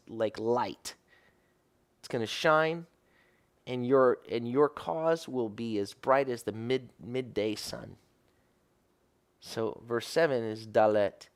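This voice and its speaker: A man preaching a sermon as rabbi, explaining Hebrew words and often asking "right?". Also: medium pitch. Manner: teaching Bible verses, explaining Hebrew words; repeats and restarts phrases, asks "right?".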